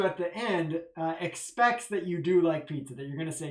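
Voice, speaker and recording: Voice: mid-range voice, lively intonation, normal speed. Conversational seminary professor in an echoey room. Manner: conversational, with frequent fillers and restarts; patient, repetitive teacherly explanations. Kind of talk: recorded video lecture over slides.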